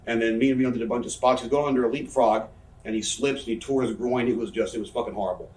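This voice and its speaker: A thirtysomething professional wrestler gives a candid shoot interview, rambling through stories and swearing freely. His voice is medium-pitched, steady, fast and a little mellow, captured from a distance in a roomy-sounding space.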